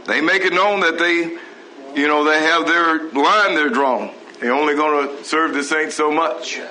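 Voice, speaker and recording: A man's voice: fairly high pitch, unhurried, sharp tone, low-quality recording. A man preaching a sermon, asking the congregation rhetorical questions. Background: congregation responding.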